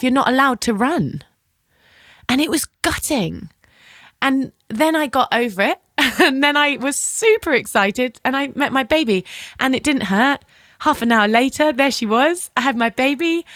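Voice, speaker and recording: Woman, podcast host, animated storyteller who acts out dialogue and swears casually; dry, close sound. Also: fairly high pitch, dry recording. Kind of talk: lively personal storytelling in conversation.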